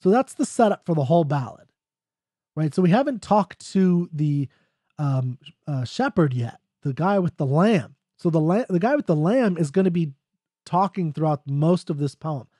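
A man's voice: fairly high pitch, animated, moderate pace, warm tone, no room sound, studio quality. A man explaining a poem in a casual lecture, loose and jokey, checking in with "right?" as he goes. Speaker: literature teacher.

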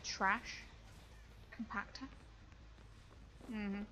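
High, bright-voiced raging woman streamer. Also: expressive, slow pace, long pauses, soft background music. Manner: profane, taunting, raging at another player. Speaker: game streamer. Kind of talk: live gameplay commentary.

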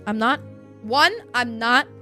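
A man with a high, youthful-sounding voice, chattering casually to his viewers during a live game stream and bursting into loud excited outbursts. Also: slow pace, soft background music. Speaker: game livestreamer.

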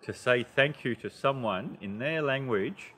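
A man with an Australian accent talks through a casual language lesson. His voice is bright and his delivery is chatty and animated, full of playful asides. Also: mid-range voice, measured pace, breathy edge, long reverb tail. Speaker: English teacher.

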